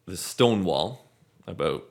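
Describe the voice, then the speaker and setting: A man running a tabletop game as game master, describing scenes in a relaxed way, often restarting his words. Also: deep voice, slow. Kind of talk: improvised tabletop narration.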